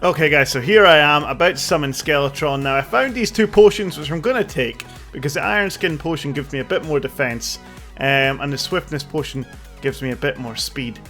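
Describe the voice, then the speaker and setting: A man's voice: a little high, a little fast, fairly bright tone, faint music behind. A young man talking casually through a game tutorial, chatty and rambling, with frequent ums and uhs. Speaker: gaming tutorial creator.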